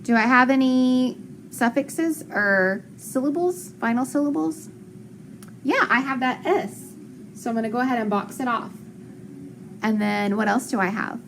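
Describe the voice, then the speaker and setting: A woman teaching a phonics lesson to a class, encouraging them, asking questions and sounding out letters slowly. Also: on the high side, noisy background.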